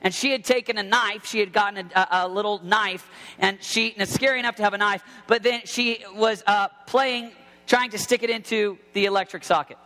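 A man in his thirties preaching an impassioned sermon to teenagers as a youth pastor, often shouting. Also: high-pitched, fairly even intonation, fairly quick. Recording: long hall reverb.

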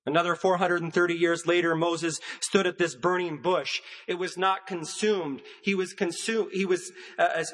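High-voiced preacher in a reverberant church. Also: male voice, a bit bright. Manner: measured preaching cadence with emphatic repetition. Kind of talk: sermon.

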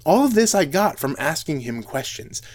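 A man's voice: on the high side, sing-song, normal speed. A man speaking earnestly and reflectively in a talk, often restarting his sentences. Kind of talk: earnest talk on role-play and Bible reading.

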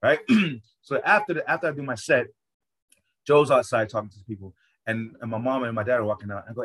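A man's voice: medium pitch, fairly quick, a bit bright, poor audio. A man, a stand-up comedian, telling a casual story, rambling and swearing often. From Florida, USA.

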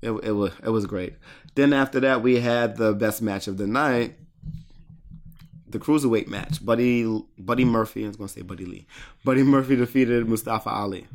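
A man chatting casually about a wrestling show, excitable and rambling, with halting restarts. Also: lowish voice.

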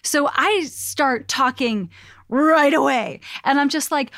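High-voiced chatty woman from Chicago. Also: slow, vocal fry, dry recording, studio quality. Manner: chatty, animated storytelling. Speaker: podcast co-host. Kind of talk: casual chat.

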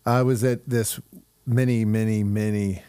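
A man's voice: lowish voice, fairly even intonation, a little slow, warm tone, clean tone, dry recording. A middle-aged man hosting an interview, telling stories with chuckles and searching phrasing. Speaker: host, youth leader. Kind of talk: casual interview chat.

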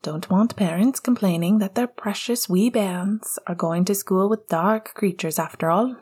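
A woman's voice: unhurried, darkish tone, husky. A woman voicing a hot-tempered teen boy wizard. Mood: curt. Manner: intense low-voiced, swearing.

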